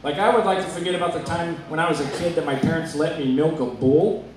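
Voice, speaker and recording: A man from Arizona doing a stand-up comedy set, telling deadpan stories with self-deprecating punchlines. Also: on the high side, fast talker, background noise. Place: comedy club stage. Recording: echoey club from a distant mic.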